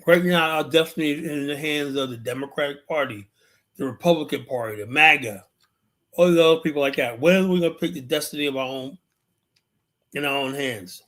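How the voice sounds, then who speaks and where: A man with a slightly higher voice delivering an impassioned, rhetorical livestream monologue as a political commentator, repeating himself and pausing to search for words. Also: a bit bright.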